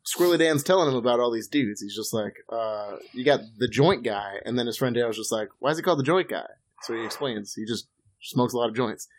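A man's voice: mid-range voice, a little fast, a little hiss or hum. A man chatting casually as a podcast co-host, rambling and swearing, with lots of fillers. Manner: rambling, profane, loose storytelling with lots of fillers. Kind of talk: casual chat.

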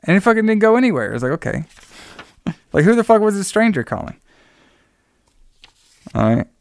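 Man, podcast co-host, smooth clear voice, dry close sound, profane, laughing recap. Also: high-pitched, very animated, normal speed, a little mellow, no room sound. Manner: profane, laughing, acts out characters' lines. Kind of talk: casual movie recap chat.

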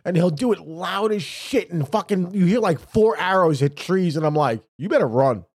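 A man's voice: high-pitched, normal speed, breathy edge. A man hosting an archery podcast, telling rambling, profane, jokey stories in casual chat. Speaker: podcast host.

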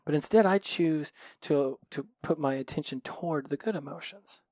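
A man's voice: fairly high pitch, normal speed, a little mellow, dry recording. A man hosting a solo podcast, talking in a frank, reflective way and swearing freely. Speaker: podcast host. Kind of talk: candid solo podcast monologue.

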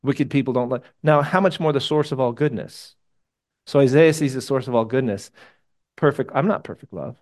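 A man's voice: mid-range voice, normal speed, darkish tone. A man preaching a sermon to a live congregation in a conversational, emotional way, asking his listeners questions. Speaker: pastor.

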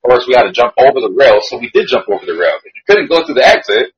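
A man telling a story in a casual chat, slangy, animated and swearing freely. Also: mid-range voice, rapid-fire, muffled recording.

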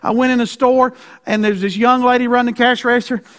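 A male pastor preaching a sermon in a folksy, emphatic way, checking in with "right?" and slowing down to read scripture. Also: extremely high pitch, steady tone, a bit bright. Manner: slows down to read scripture deliberately.

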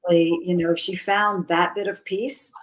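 Lower-voiced woman guest telling a story. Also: fairly even intonation, fairly quick, low-quality recording. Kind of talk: casual interview chat.

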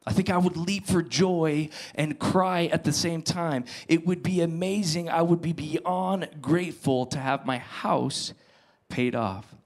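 A man's voice: a little high, a little slow. Man preaching a dramatic sermon. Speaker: pastor.

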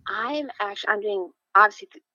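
An enthusiastic woman from upstate New York talks upbeat about her music and streaming as an interview guest. Her pitch sits in the middle range. The audio is dry and a little dull. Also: a little fast, bright, forceful tone, dry recording. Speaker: guest, singer and live streamer. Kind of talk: casual interview.

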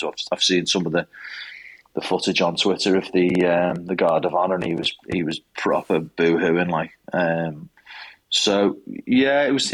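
A man's voice: deep voice, a bit bright, husky, poor audio. A man, a guest on a football podcast, talking emphatically and swearing freely. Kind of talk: casual football chat.

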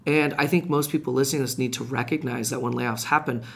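A man telling a personal story in casual podcast chat, animated and rising in pitch when reliving heated moments. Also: fast talker, creaky. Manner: frequent restarts and fillers, conversational. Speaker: podcast guest.

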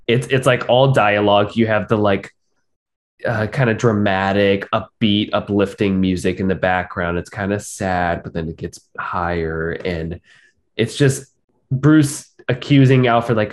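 Blunt, sarcastic man with a low voice. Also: measured pace. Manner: blunt and sarcastic, with frequent fillers and repeats. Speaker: film review podcast co-host. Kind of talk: casual review chat.

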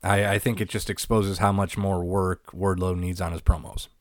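A man with a low voice answers in short, relaxed replies during a casual chat. The sound is dry and close to the mic. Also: normal speed, no room sound. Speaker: podcast co-host.

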